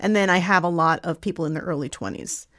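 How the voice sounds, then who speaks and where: A woman's voice: fairly low pitch, fast, fairly bright tone, no echo, clean studio sound. A woman hosting a podcast who also coaches voiceover students, speaking in a chatty, affirming way. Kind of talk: casual podcast chat.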